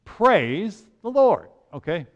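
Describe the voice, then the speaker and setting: A man leading a children's message in church, playful and animated, singing and acting out moods for the kids. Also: high-pitched, slow pace, dull audio. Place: church sanctuary.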